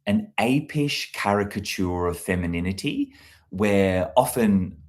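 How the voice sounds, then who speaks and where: A deep-voiced man talks to camera as a comedy creator. He muses in a rambling, reflective way, full of filler words and false starts. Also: lively intonation, unhurried. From Australia. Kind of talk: casual talk to camera.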